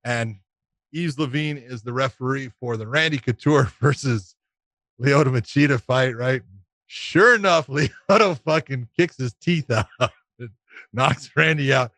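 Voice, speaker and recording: A middle-aged man co-hosting a podcast, telling a long, animated anecdote with frequent laughter and swearing. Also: medium pitch, unhurried, no room sound. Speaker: podcast co-host.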